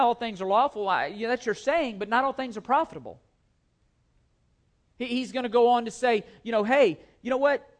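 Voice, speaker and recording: A man preaching a sermon to his church, earnest and emphatic, often repeating his key phrases. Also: very high voice. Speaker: pastor. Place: church sanctuary.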